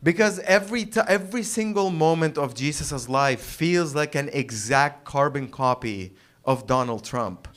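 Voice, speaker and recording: A man with a somewhat high-set voice works through a stand-up set on a comedy club stage. He rambles and halts, starts lines over, and chuckles at his own jokes as he goes. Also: unhurried, a bit bright. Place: comedy club stage before a live audience.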